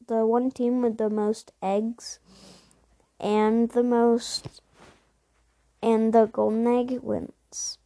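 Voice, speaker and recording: Casual podcast host, woman, rambly and chatty, mellow voice, a bit high, dry sound. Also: no room sound. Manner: rambling, many fillers and restarts, apologetic asides. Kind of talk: casual chat about video games.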